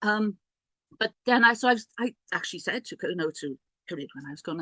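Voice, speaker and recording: A woman's voice: on the low side, quick pace, a bit bright, no echo. A middle-aged woman, a priestess and healer, telling a personal story in a chatty, self-mocking way with many restarts and asides.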